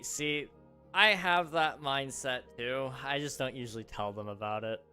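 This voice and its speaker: A man's voice: medium pitch, unhurried, bright, forceful tone. Casting: joking male streamer chatting with his viewers during play, faint music under him. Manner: joking, talks to chat, repeats himself. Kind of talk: casual live-stream chat while gaming.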